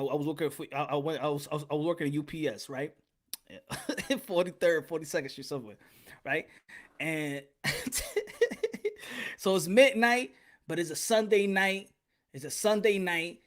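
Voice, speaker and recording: Animated, high-voiced man telling stories. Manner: animated, profane, laughing often. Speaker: podcast host. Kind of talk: casual storytelling.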